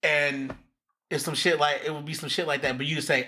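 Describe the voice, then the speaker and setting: A man's voice: a little high, steady tone, a little fast, bright, forceful tone. A man co-hosting a casual podcast, telling stories in a loose, profane way. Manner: profane, storytelling, laughs often. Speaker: podcast co-host. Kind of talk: casual chat.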